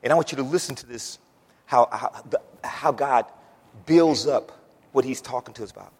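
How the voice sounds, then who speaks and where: A man preaching a sermon, moving from quiet scripture reading to loud, excited preaching, with folksy stories and repeated words. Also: medium pitch, moderate pace, breathy edge, long reverb tail. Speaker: pastor.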